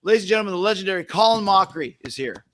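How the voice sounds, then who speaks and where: A man co-hosting a podcast, chatting casually and joking, quick to laugh. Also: high-pitched, lively intonation, a bit bright. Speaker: podcast co-host. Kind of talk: casual chat.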